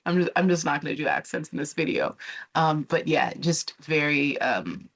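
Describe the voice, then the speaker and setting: A woman's voice: low voice, fairly bright tone. A young woman vlogger talking candidly to camera in a casual, chatty way, with fillers and restarts. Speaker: travel and relocation vlogger.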